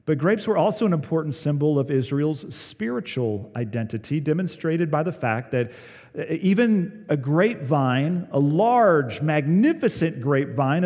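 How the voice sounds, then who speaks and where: A man preaching a sermon as pastor, leaning hard on key words, then dropping his voice low. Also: a little mellow, long reverb tail.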